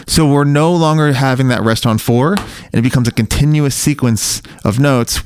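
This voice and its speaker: A man teaching drum technique in a recording studio, counting beats out loud in an easygoing way as he plays. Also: medium pitch, normal speed, clear, resonant tone. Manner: relaxed, counts beats aloud while playing. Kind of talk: instructional demonstration with counting. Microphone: studio mic near the drum kit.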